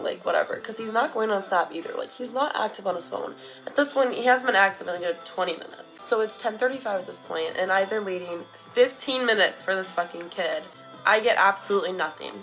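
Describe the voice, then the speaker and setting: A woman's voice: on the low side, a bit bright. A young woman telling a storytime vlog in a chatty, swearing, filler-heavy way.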